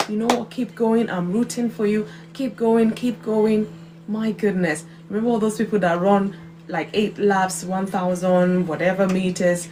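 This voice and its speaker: A woman with a mellow, warm voice at a middle pitch delivers an informal devotional talk. She speaks earnestly and emphatically, hammering home key phrases through repetition. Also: a little hiss or hum. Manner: earnest and emphatic, repeats key phrases, acts out quoted remarks. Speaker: host of a faith encouragement livestream.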